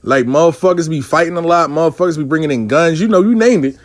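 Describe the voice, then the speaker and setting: A man's voice: fairly high pitch, quick pace, dry recording. A man telling a casual, profanity-laced story about his money coaching clients. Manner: animated, profane street talk.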